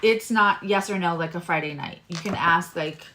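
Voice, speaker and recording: A woman's voice: lowish voice, moderate pace. Brief: woman tarot reader on a live stream, rambling and chatty, faint hiss behind. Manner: chatty and rambling, talks to chat viewers.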